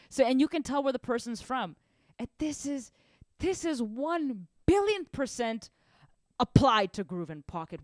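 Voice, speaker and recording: Animated young woman teaching drums. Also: mid-range voice, no echo, clean studio sound. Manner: animated, rambling, self-correcting. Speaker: drum teacher. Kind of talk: casual drum lesson talk.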